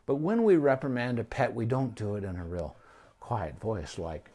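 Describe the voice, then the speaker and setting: A middle-aged man talks through pet care as a veterinarian, unscripted and easygoing. He pauses on fillers and restarts his sentences often. His pitch sits in an ordinary middle range for a man. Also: animated, mellow. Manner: conversational, with frequent ums and restarts. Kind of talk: unscripted advice talk.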